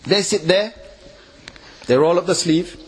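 A married man with three kids preaching an informal sermon to a live audience, animated, mimicking people and asking the audience questions. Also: sits high, a little slow, slightly rough. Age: adult, married with three kids.

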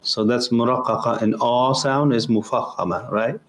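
A man teaching pronunciation patiently, repeating each sound over and over and slowing down to chant the examples. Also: medium pitch. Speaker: Quran recitation teacher. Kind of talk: pronunciation lesson.

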